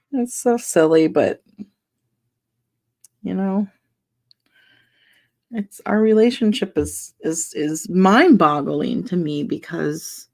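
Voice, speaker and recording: A young woman chatting casually while building a wooden puzzle, rambling and soft-spoken with many fillers and restarts. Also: mid-range voice, measured pace, vocal fry, long pauses. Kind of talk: casual chat while crafting.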